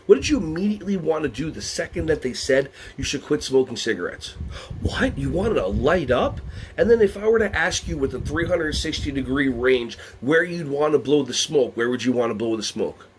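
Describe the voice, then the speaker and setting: A man from the United States leading a lively workshop for early childhood educators, playful and energetic. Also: on the high side, brisk, a little hiss or hum. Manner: animated, playful, breaks into songs and silly voices.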